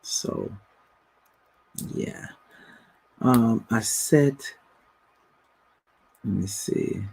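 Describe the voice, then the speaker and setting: A man's voice: mid-range voice, creaky, darkish tone, slightly rough, poor audio. A man hosting a casual spiritual livestream, telling stories and reading viewer comments aloud. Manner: slow, storytelling, reads out viewer comments. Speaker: livestream host answering viewer questions.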